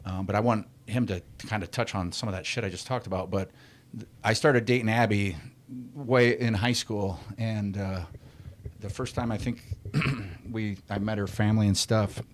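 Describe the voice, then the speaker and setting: A man's voice: on the low side, fairly even intonation, normal speed, a little hiss or hum. A man in his forties talking candidly as a podcast guest, blunt and profane but reflective about emotions. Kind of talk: candid casual chat.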